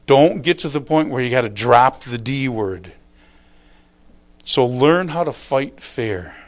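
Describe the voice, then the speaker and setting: A middle-aged male pastor giving a sermon in a folksy, conversational way, often acting out quotes. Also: medium pitch.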